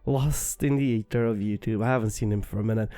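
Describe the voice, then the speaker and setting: A man's voice: on the low side, fairly even intonation, fast talker, warm tone. A young man co-hosting a podcast, reacting with teasing, wry remarks in casual chat. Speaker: podcast co-host.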